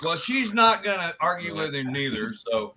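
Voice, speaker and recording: A man hosting a live stream, telling long dirty jokes in an animated, profane way. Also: a little high, moderate pace, noisy background. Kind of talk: casual joke-telling.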